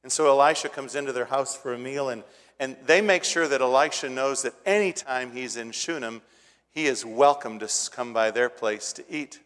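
Preacher retelling scripture in a reverberant hall. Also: male voice, medium pitch, normal speed, a bit bright. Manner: retells scripture casually, rising to emphatic peaks. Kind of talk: sermon storytelling.

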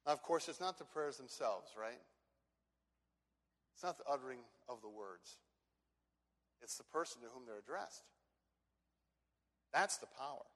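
A man preaching an expository sermon, emphatic, repeating words and slowing down to stress key phrases. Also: medium pitch, lively intonation, fairly bright tone, in a large hall. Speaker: pastor.

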